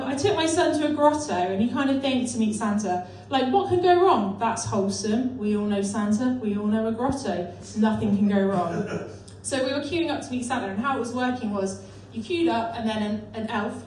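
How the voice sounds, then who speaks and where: Young woman stand-up, high voice, dry self-mocking delivery; boomy club, mic at a distance. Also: a little mellow, slight background noise. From North Devon, England. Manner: dry, self-deprecating, swears casually. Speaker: stand-up comedian. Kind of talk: stand-up comedy set. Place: comedy club. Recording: echoey club from afar.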